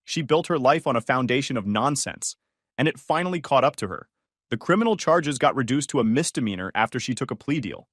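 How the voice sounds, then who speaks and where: Male narrator, scripted story, wry and scornful, lively pitch, dry close sound. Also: a little fast, no echo.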